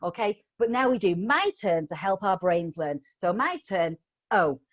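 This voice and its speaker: A woman's voice: mid-range voice, animated, measured pace. Upbeat woman coaching teachers. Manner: upbeat, coaxing, playful teacher voice. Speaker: phonics trainer. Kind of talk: live online teacher training. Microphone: video call.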